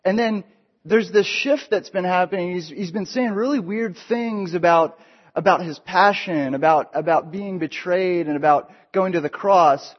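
A man's voice: high-pitched, moderate pace. A pastor preaching a sermon to his congregation in a casual, conversational way, with frequent fillers and restarts. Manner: conversational, with fillers and repeated starts. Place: church sanctuary. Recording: dull sound with long hall reverb.

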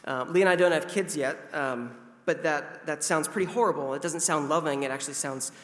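A man's voice: on the high side, a little fast, fairly bright tone. A man in his thirties giving a casual, conversational sermon as a pastor, self-deprecating and now and then acting out voices. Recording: long hall reverb.

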